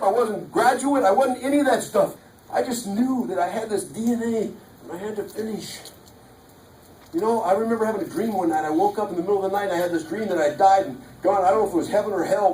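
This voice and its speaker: Captured from a distance in a large, echoey hall with a little hiss or hum, a man with a high-pitched, somewhat mellow voice works a live audience. The motivational speaker's sales talk is punchy, full of jokes, and preacher-like.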